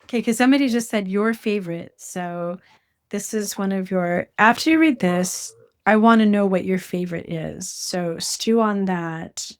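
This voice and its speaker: A woman hosting a casual conversation, talking in an animated, talkative way with quick asides. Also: medium pitch, smooth. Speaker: host.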